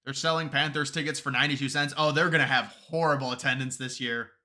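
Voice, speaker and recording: A man with a very bright, sharp-edged voice hosts a live stream. He talks loosely with his viewers, greets them and answers their comments, and often trips over and restarts his sentences. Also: medium pitch, steady tone, fast talker. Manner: rambling, restarts sentences, reads chat aloud.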